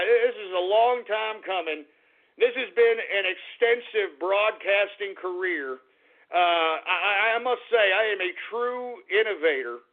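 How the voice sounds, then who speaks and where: A man hosting an internet radio show, ranting abrasively and boastfully, cursing and insulting his listeners, sliding from low grumbling to shouting. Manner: boastful, profane, repeats pet phrases. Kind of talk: ranting call-in radio monologue. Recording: narrow phone-like audio.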